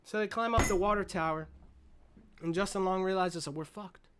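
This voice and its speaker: High-voiced excitable man ranting about a movie. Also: normal speed, noisy background. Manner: excitable, profane, rambling retelling. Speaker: movie reviewer. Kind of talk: casual movie review vlog.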